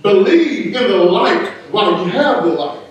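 A man preaching a sermon as pastor, emphatic and rising, with quick asides and laughter, in a church sanctuary. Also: high-pitched, expressive, a crowd in the background. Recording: echoey church hall, from a distance.

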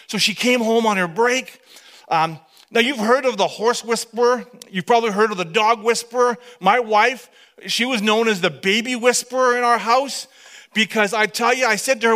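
A man in his fifties, a pastor telling a story in a sermon, animated and dramatic, often sinking to hushed tones. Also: very high voice, moderate pace.

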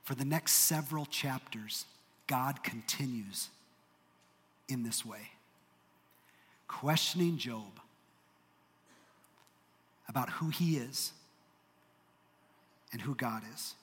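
A man's voice: medium pitch, slow, pauses often, fairly bright tone. A man preaching a sermon as pastor, emphatic and earnest, with dry humorous asides. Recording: long reverb of a large hall.

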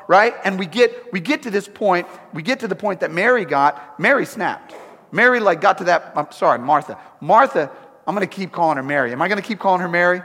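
A male pastor preaching a sermon in an animated style, repeating himself and throwing in humorous asides. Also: high-pitched, a little fast. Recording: echoey hall.

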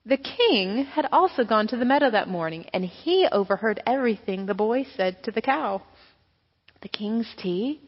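A woman pastor reading a children's story aloud with expressive storytelling. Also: on the high side, moderate pace, hardly any pauses. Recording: echoey hall, dull lo-fi sound.

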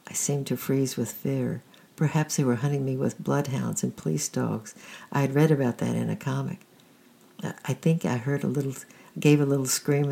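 A storyteller reading a first-person storybook in a quiet, steady way with a creaky, husky voice. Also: medium pitch.

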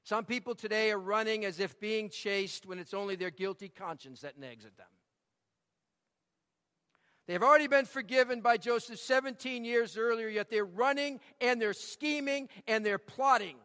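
Male pastor, high bright voice, emphatic repetition, church hall reverb. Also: moderate pace, clean tone. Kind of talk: sermon.

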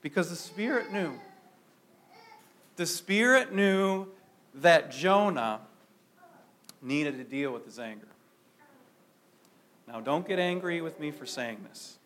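A man's voice: fairly high pitch, animated, slow pace, pauses often, a bit bright, a little hiss or hum. A man preaching a sermon to a congregation in a conversational way, often asking his listeners questions. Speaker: pastor.

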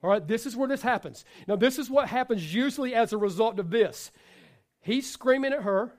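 High-voiced man preaching casually. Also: expressive, fairly quick. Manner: conversational preaching with repetitions and asides. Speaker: pastor. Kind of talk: sermon.

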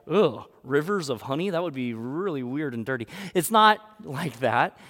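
A man's voice: on the high side, long reverb tail. A man from the United States preaching a sermon, telling a story and acting out the voices. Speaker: pastor.

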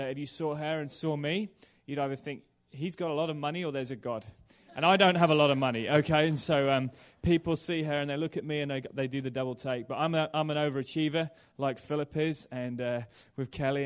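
A man's voice: medium pitch, steady tone, quick pace, hardly any pauses, clear, resonant tone. A young man from England, a guest preacher giving a sermon to a church congregation in a chatty, informal way full of asides and jokes. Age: young adult. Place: church sanctuary before a congregation.

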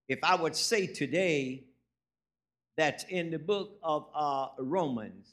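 A man, preaching a sermon as a guest preacher, telling folksy stories and rising into emphatic preaching. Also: a little high.

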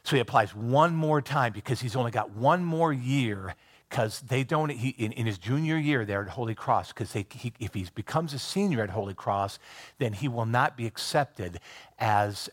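A man of middle pitch preaching in a relaxed, conversational way. He tells a film's story step by step and stops now and then to restart a phrase or add a filler. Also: moderate pace, breathy edge. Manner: retells a film scene by scene, briefly voicing its characters. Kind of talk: sermon storytelling.

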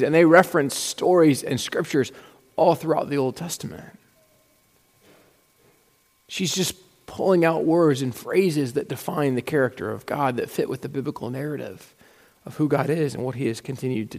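A pastor preaches conversationally, telling stories and acting out little asides along the way. His voice is fairly high and a little mellow at a moderate pace, with long hall reverb on the recording.

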